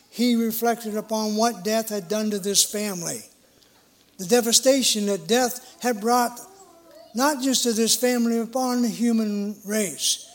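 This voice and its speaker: Middle-aged guy preaching, slow and emphatic, kinda high voice. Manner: earnest, emphatic, slow measured delivery. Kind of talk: sermon.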